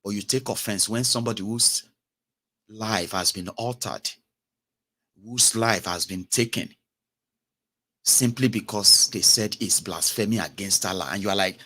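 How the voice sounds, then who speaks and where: A young Nigerian man with a Nigerian English accent and Pidgin, giving a casual, animated commentary monologue as host. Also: fairly low pitch, a little slow, long pauses. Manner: animated, mocking, switches to Pidgin and Yoruba.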